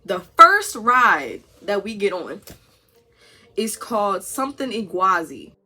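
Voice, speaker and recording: Lively young woman telling a story. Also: mid-range voice, takes it slowly. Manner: animated storytelling, acting out voices. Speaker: vlogger. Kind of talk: storytime vlog.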